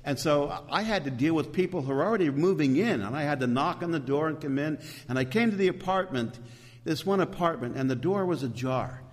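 Middle-aged guy giving a sermon, bit high-pitched, big echoey hall, repeats himself a lot. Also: animated, a little fast. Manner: storytelling, repeating words, rising to recited scripture. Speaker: preacher. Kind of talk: sermon with personal story. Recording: long hall reverb.

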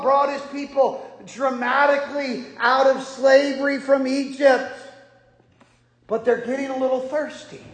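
A man preaching a sermon as pastor in a church, with folksy joking asides to the congregation. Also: extremely high pitch. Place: church sanctuary. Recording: echoey hall.

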